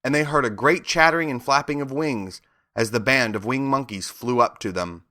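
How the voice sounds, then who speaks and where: A man narrating a storybook audiobook in an expressive storytelling manner. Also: medium pitch, moderate pace.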